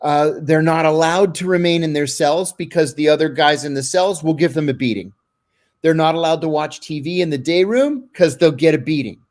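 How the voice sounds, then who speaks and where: A man's voice: a little high, normal speed, a little mellow. A man being interviewed, telling blunt, vivid stories and acting out what people said. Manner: blunt, vivid storyteller who acts out quotes. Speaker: interview guest. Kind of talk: anecdotal storytelling in an interview.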